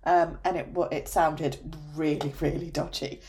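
A woman's voice: low voice, steady tone, normal speed, a little mellow. A woman, chatting casually and animatedly as a podcast host. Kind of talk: casual chat.

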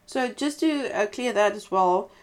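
A woman reading a folk tale aloud in a relaxed way, stopping now and then for chatty side comments. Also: mid-range voice, a little slow. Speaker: storyteller.

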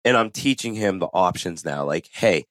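A man co-hosts a casual podcast, telling anecdotes and repeating points for emphasis. His voice is deep. The recording is dry and close. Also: animated, moderate pace, fairly bright tone, no room sound. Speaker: podcast co-host.

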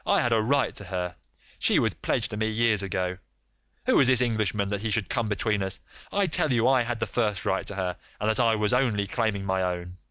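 A man reading a volatile American man, grieving and defiant, with an American accent, loud and pleading. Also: lowish voice, expressive, fairly quick, smooth, no room sound. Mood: cold.

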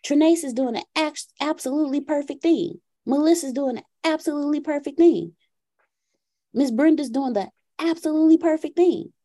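On a group call for a podcast, a woman with a high, mellow voice tells a story at normal speed. She's animated, acting out both her son's lines and her own as she goes.

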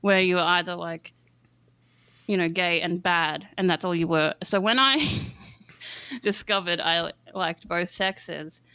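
A young Australian woman chatting candidly as a podcast guest, her voice smooth and clean. She laughs often and fills her sentences with "like". The close mic sounds dry, with no room around it. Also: fairly low pitch, measured pace, bright, forceful tone, no echo. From country Victoria, Australia. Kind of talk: candid casual conversation.

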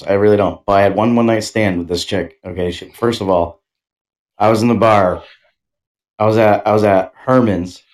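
Laughing podcast co-host, a man. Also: lowish voice. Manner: laughing, loose anecdotal talk with many restarts. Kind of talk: crude casual chat.

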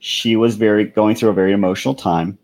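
A man's voice: lowish voice, steady tone, fast, darkish tone. A man co-hosting a crude comedic podcast chat, with dry, sarcastic remarks.

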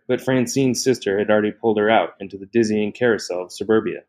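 A man with a fairly low voice narrates a novel in an even, measured way. He reads steadily and plainly between the characters' lines. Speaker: audiobook narrator. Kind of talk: scripted narration.

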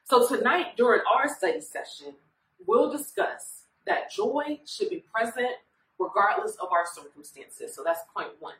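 A woman's voice: fairly high pitch, very animated, unhurried, fairly bright tone. Woman minister teaching with a roomy echo. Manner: informal, often checks in with listeners. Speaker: minister leading a Bible study. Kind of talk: conversational Bible study teaching. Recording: echoey room, voice far from mic.

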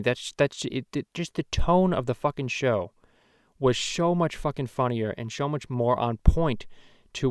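A man's voice: medium pitch, darkish tone, clear, resonant tone, dry recording, studio quality, natural voice. A man voicing a foul-mouthed cartoon baby, ranting profanely and rambling in a comedic podcast. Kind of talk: comedic podcast rant in character.

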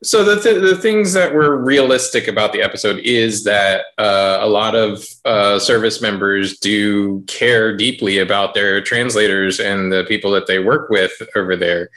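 Man, fairly low voice, earnest and critical, speaking haltingly over a video call. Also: a bit bright. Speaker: panelist. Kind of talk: casual group chat.

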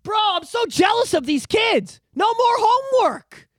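A man's voice: very high voice, very animated, unhurried, a bit bright, no room sound. A man hosting a casual podcast, from Canada, ranting emphatically with constant profanity. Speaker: podcast host.

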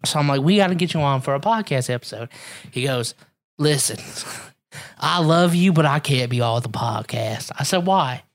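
A man's voice: mid-range voice, normal speed. A man co-hosting a casual podcast, his voice swinging widely up and down as he jokes. He laughs a lot and acts out what his friends said to him. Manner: animated, profane, laughing, mimics friends. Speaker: podcast co-host.

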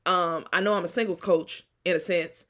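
Woman, 30s, podcast host, candid, preachy, bright. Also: fairly low pitch, steady tone, normal speed. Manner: candid, preachy, laughs often. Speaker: podcast host and singles coach. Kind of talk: reflective solo monologue.

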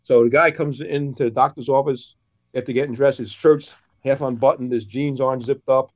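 A man co-hosting a show, telling jokes in a casual, animated way and jumping higher for his characters' lines. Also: normal speed, lo-fi sound.

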